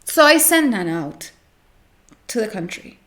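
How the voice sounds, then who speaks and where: A woman's voice: on the high side, big pitch swings, a little slow, fairly bright tone. A woman vlogging to camera in casual chat, rambling with self-mocking, dramatic complaints.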